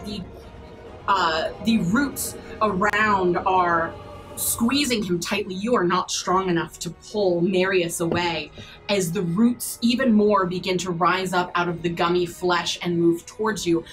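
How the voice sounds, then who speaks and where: A woman narrating a tabletop horror game as game master, descriptive and halting, with frequent restarts. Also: on the low side, a bit bright, faint music behind, low-quality recording.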